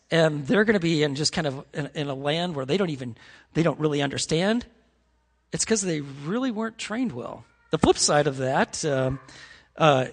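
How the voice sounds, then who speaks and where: A man's voice: fairly high pitch, fairly bright tone, in a large hall. A man preaching a sermon as pastor, earnest and conversational, with frequent restarts and fillers. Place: church sanctuary.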